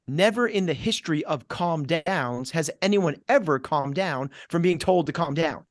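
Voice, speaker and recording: A middle-aged man, a fitness coach talking as a podcast guest, with an energetic, punchy delivery that keeps acting out inner voices. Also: on the high side, normal speed, hardly any pauses, dry recording, studio quality. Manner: energetic, acts out inner voices in quoted asides. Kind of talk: podcast conversation.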